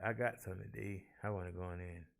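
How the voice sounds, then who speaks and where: A man's voice: low-pitched, fairly even intonation, fast talker, vocal fry. A man hosting his own online show, reading daily figures with theatrical flair, rolling his R's and calling the viewers y'all. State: out of breath. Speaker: vlog host. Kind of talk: casual chat and daily numbers rundown.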